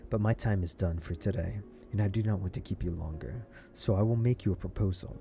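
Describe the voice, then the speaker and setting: A man reading aloud the lines of a booming, wary but friendly male street-food cook in a game, with a low voice. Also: a little fast, vocal fry, dark tone, soft background music.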